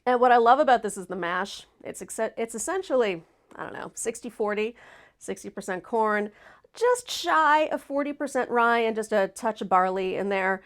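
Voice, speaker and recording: A woman hosting a casual live stream, loud, laughing often and swearing freely. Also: on the high side, expressive, normal speed. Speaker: host.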